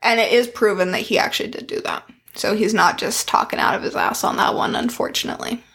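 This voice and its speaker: A woman co-hosting a true-crime podcast, bluntly walking through a case with a lot of swearing and slowing down for the grim details. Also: mid-range voice, a bit bright. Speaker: podcast co-host telling the case.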